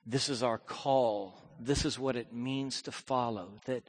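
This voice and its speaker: A male preacher delivering a sermon, swinging from hushed, slow lines to loud, fervent ones. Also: medium pitch, fairly even intonation, slightly rough.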